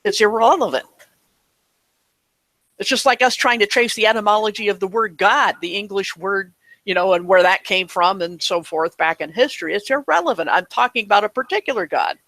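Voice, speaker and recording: High, bright-voiced man explaining at length. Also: fairly quick, no room sound, low-quality recording. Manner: earnest, explanatory, with restarts. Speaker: guest answering questions. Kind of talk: casual online talk.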